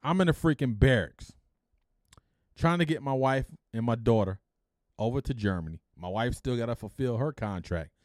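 A middle-aged podcast host from Detroit spins a story in a lively, casual way. He slips into the voices of the people he quotes and throws in blunt, slangy asides. The sound is close and dry, with no room tone at all. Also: mid-range voice, normal speed, no room sound. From Detroit, USA.

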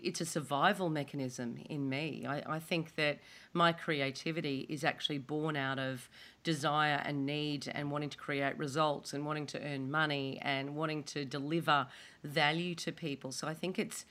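A woman's voice: sits low, fairly bright tone. A middle-aged woman, a guest speaking thoughtfully with wry asides. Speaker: guest, presenter. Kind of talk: reflective interview talk.

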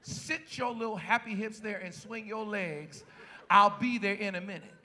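A man's voice: sits high, normal speed, bright, forceful tone, pitched below the performer's own voice. A man preaching who puts on the voice of a sassy mother telling her child to wait, drawling and teasing. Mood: unhurried.

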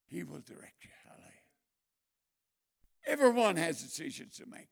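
An older male missionary preacher tells stories in his sermon with a heavily gravelly, husky, rough voice pitched fairly high for a man. He talks fairly quickly with frequent pauses, animatedly swinging from quiet asides to loud bursts.

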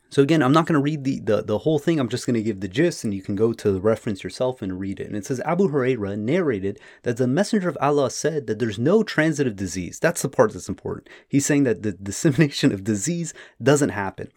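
A man giving casual spoken commentary on old texts, retelling stories in his own words with many fillers. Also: medium pitch. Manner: paraphrases texts with animated retellings and frequent fillers. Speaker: religious commentator.

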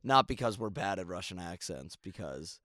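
A man's voice: deep voice, expressive, moderate pace, a bit bright, no room sound, clean studio sound. A man co-hosting a tabletop gaming podcast, chatting casually and laughing often. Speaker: podcast co-host.

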